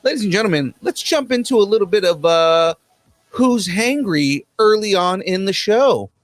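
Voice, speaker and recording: A man hosts a pop culture podcast in a fairly high voice, loose and jokey, stumbling through restarts and fillers. The sound is dry and close to the mic. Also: lively intonation, normal speed, no echo. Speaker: podcast host. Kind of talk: casual chat and show hosting.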